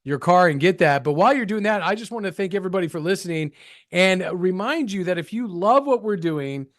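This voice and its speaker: A man co-hosts a comedy wrestling podcast with hammy, mock-grand emphasis. His voice sits a little high. He is recorded close and dry. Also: animated, fairly quick, no room sound. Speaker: co-host.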